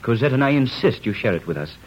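A man plays an earnest young groom in an old radio play, stammering now and then. His pitch swings widely, and the recording is dull, with a faint hiss behind him. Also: very animated, fast talker, natural voice.

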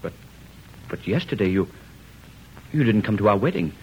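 Actor as earnest young groom, stammery, voice jumps up and down, dull old radio sound. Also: male voice, fairly low pitch, expressive, moderate pace, a little hiss or hum, natural voice.

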